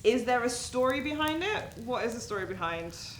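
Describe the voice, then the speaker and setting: Quick-talking woman hosting a kitchen show. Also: on the high side, big pitch swings, fairly bright tone, slight background noise. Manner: quick, upbeat, laughs a lot. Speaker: host. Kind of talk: casual chat while cooking. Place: home kitchen. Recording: echoey kitchen, faint background.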